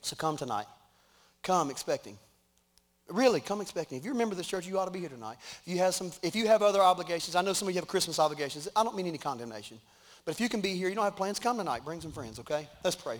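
A man's voice: high voice, expressive, very fast. A middle-aged man, preaching in a conversational, joking way from a church stage. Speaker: pastor. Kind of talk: sermon with announcements and prayer.

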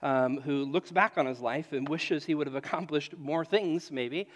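A man's voice: fairly high pitch, moderate pace. A man in his late thirties preaching a sermon, telling stories and acting out voices, often repeating his phrases. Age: late 30s. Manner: animated storytelling, acts out voices, repeats phrases. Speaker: pastor. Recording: echoey hall.

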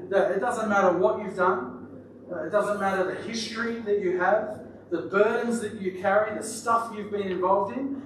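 Aussie pastor guy preaching, chatty and jokey, bit high voice, big echoey hall, noisy far-off mic. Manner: chatty, joking aside to the congregation. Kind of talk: sermon. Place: church hall. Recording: very echoey hall, distant mic, audible noise.

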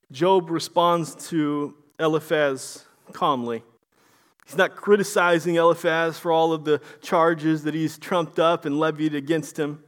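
A male preacher delivers a sermon in an earnest, conversational manner. His voice sits high for a man. He often stumbles into repeated words as he speaks. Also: steady tone, a little slow.

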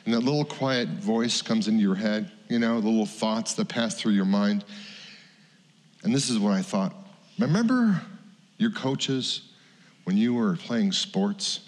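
Low-voiced middle-aged pastor preaching. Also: male voice, expressive, measured pace. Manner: candid, confessional, acts out quotes. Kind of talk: sermon storytelling. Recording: long hall reverb.

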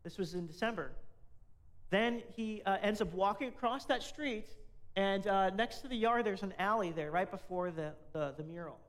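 Pastor guy preaching, fairly high voice, chatty, asks the crowd stuff. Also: normal speed. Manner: conversational, asks the congregation questions. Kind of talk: sermon.

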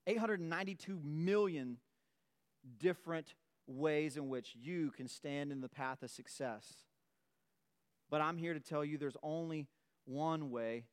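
A middle-aged man preaches a sermon in a loose, conversational way, drifting into playful storytelling. His voice sits a little high for a man and sounds smooth and resonant. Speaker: pastor.

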